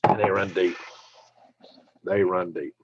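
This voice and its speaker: A low-pitched Southern US man hosts a laid-back livestream, reading viewer comments slowly in a steady tone. His talk is folksy and rambling, full of chuckles. The audio is lo-fi and very noisy.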